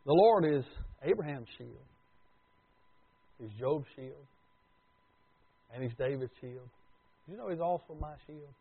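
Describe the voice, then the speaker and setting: A man preaching a sermon as pastor, swinging from loud declarations to hushed asides. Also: a little high, expressive, unhurried, pauses often, husky. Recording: tinny phone-like recording.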